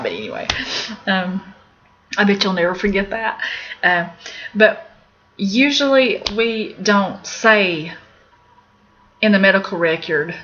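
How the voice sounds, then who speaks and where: Slow, chatty Appalachian woman teacher. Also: on the low side, expressive, a bit bright. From Appalachian United States. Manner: candid, chatty, laughs at own jokes. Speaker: medical office instructor. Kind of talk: casual recorded lesson. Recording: slightly dull lo-fi recording with faint background noise.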